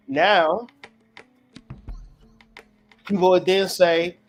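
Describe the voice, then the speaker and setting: A man's voice: sits high, animated, measured pace. A man hosts a profane, preachy monologue, mixing street talk with scripture. He speaks emphatically and drives each point home. Faint music plays behind him. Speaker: host.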